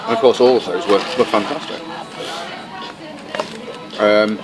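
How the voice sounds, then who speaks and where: A man co-hosting a casual podcast, chatty and swearing casually, recorded in a fast-food restaurant. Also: lowish voice, over music. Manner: chatty, swears casually, talks while eating. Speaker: podcast co-host. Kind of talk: casual chat. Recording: noisy crowded restaurant. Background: busy restaurant crowd chatter.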